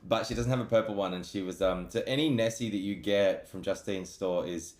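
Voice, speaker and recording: A man's voice: lowish voice, brisk, a little mellow. An easygoing Australian man, a voice actor, chatting casually on a couch during a livestream. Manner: easygoing, rambling. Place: on a couch indoors. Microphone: camera or phone on a livestream. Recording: roomy echo, faint ambient noise.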